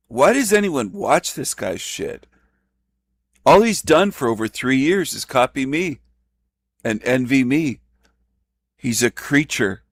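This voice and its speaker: A man's voice: mid-range voice, animated, a little slow, no echo. A man hosting a reaction commentary, scornful and insulting, hammering repeated jabs. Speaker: host.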